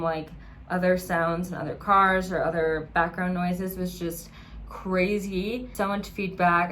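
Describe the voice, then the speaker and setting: A woman's voice: on the low side, slight background noise. Chatty young woman vlogger, lots of "like". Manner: gushing, many "like" fillers. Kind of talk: casual vlog chat.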